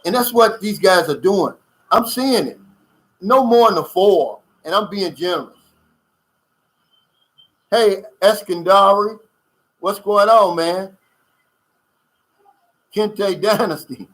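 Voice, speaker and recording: A man's voice: high voice, slow, pauses often, fairly bright tone, poor audio. A man hosting a casual livestream, reading out viewer comments and giving blunt, emphatic opinions and addressing listeners as "man.".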